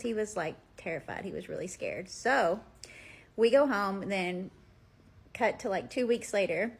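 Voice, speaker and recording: A woman's voice: medium pitch, moderate pace, gravelly. A woman, telling stories casually into her phone at home, rambling with lots of fillers. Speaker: vlogger. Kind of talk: casual storytelling.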